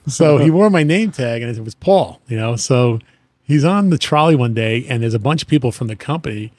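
A middle-aged man, a guest on a chat show, telling family stories in a rambling way with many restarts and lively imitations of people. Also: mid-range voice, brisk, no room sound. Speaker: guest, retired plumbing business owner. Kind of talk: casual storytelling chat.

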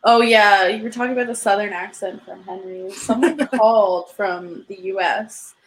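Young female podcast co-host, chatty and easygoing, medium pitch. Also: normal speed, slight background noise, low-quality recording. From Canada. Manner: chatty storyteller, laughs often. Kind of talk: casual chat.

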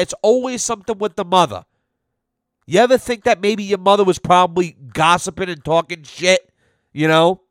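A man's voice: high-pitched, no room sound, clean studio sound. A man, a podcast host ranting through a casual, profane monologue. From Rhode Island.

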